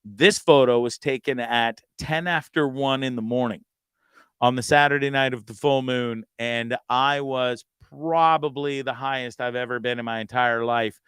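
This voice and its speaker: A man's voice: mid-range voice, steady tone, normal speed, a bit bright, smooth, dry recording. A male host telling a rambling, profane story with many stammered restarts. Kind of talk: casual storytelling.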